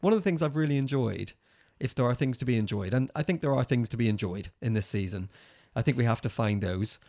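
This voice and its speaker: A man's voice: mid-range voice, animated, quick pace, darkish tone. A man hosting a casual family podcast, cheerful and playful as he reads out jokes. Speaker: podcast host.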